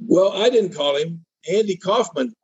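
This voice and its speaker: Older guy w a husky voice, kinda high, telling an animated story, dull dry sound. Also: normal speed, dry recording. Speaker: interview guest. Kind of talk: casual storytelling.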